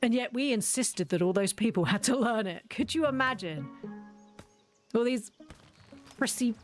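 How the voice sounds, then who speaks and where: A woman's voice: on the high side, animated, normal speed, soft background music. A young woman chatting casually as she plays a game, ranting and laughing often. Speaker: gaming video creator. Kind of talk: casual gameplay commentary.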